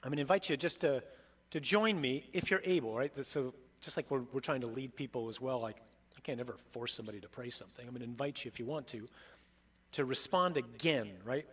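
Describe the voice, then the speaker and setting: A middle-aged man, a priest, preaching a sermon with emphatic, dramatic delivery that swings between loud peaks and soft drops. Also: medium pitch, fairly quick, breathy edge.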